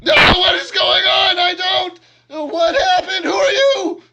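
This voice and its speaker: A man's voice: very high-pitched, animated, measured pace, gravelly, raised voice, highs cut off, heavy background noise, voice pushed up, full character voice. A man voicing a frightened young man caught in a grapple, who stammers and screams in a frantic panic. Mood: panicked screaming.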